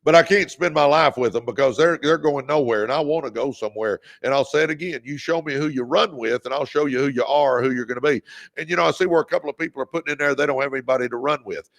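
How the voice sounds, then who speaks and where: A man's voice: medium pitch, fast, gravelly. A man past forty, hosting a motivational livestream with a fervent, preacher-like delivery. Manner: preacher-like, fervent, calls viewers baby, shouts encouragement. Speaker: livestream host.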